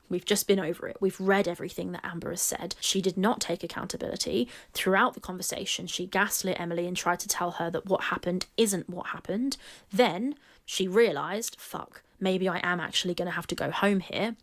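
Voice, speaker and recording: Low, gravelly woman narrating commentary. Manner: analytical, blunt, swears. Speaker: video commentator.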